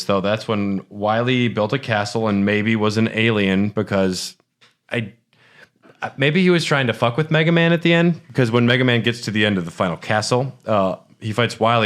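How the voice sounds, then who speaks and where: A man's voice: lowish voice, expressive, brisk. A man co-hosting a podcast in casual chat, rambling and hesitant with frequent restarts. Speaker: podcast co-host.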